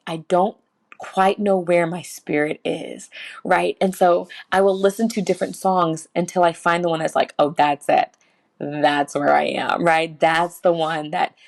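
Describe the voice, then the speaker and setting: Woman host, lilt, heartfelt faith monologue, halting and emotional. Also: on the low side, creaky, a little mellow. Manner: earnest and heartfelt, many fillers and restarts. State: close to tears. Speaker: podcast host. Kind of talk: personal faith reflection, casual monologue.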